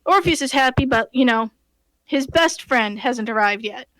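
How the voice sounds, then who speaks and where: A woman game master casually retelling a tabletop session in an animated way, with many fillers and restarts. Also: fairly high pitch, normal speed, no room sound. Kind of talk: casual storytelling.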